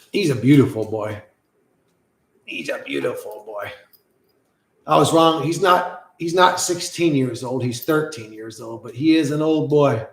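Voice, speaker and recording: A man streaming live, chatting loosely with lots of swearing and cooing softly to his pet. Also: mid-range voice, unhurried, echoey room, low-quality recording. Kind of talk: casual live-stream chat.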